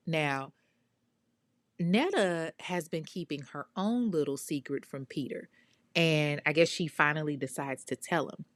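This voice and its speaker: A woman recounts a true crime case in casual, blunt, profane talk, breaking in with emphatic asides. Her voice sits fairly low, and the recording is dry and close. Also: no echo.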